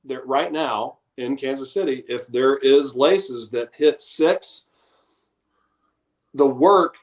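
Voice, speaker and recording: A man's voice: medium pitch, slow. A man in his thirties, a guest in a casual sports chat, explaining technique in a frank, self-deprecating way. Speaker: guest, former punter.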